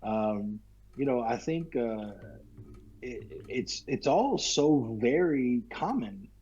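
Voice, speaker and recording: Southern American man, husky voice. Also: mid-range voice, sing-song, slow, a little mellow, highs cut off. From Kentucky, United States. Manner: easygoing, repeats words as he talks. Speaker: actor, interview guest. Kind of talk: casual interview chat.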